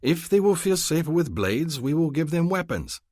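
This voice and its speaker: A man voicing a weary, steady male alien hunt leader in an audiobook, speaking with calm authority. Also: fairly high pitch, normal speed, no echo, clean studio sound, voice pushed up. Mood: firm.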